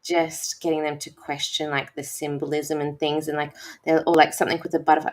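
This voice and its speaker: A woman's voice: deep voice, level tone, fairly quick, hardly any pauses. A woman, a teacher, talking enthusiastically in a casual conversation and rambling as she searches for words.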